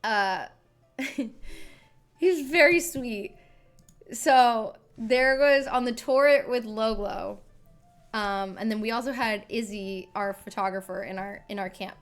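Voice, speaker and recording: A woman's voice: a little high, takes it slowly, faint music behind. A young woman, a singer, chatting casually on a live stream into a desk microphone, rambling with lots of filler words.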